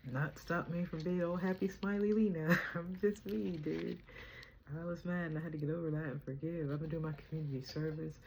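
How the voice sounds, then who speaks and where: A woman's voice: low-pitched, a little mellow, slight background noise. A woman hosting a casual home video chat, playful and chatty, often laughing. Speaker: vlogger host. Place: at home indoors. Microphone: camera.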